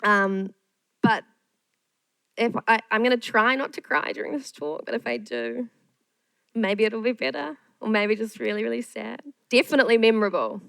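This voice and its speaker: A woman's voice: fairly high pitch, moderate pace, vocal fry, fairly bright tone, clean tone, dry recording, low-quality recording. A woman screenwriter giving a candid masterclass talk, frank and self-deprecating.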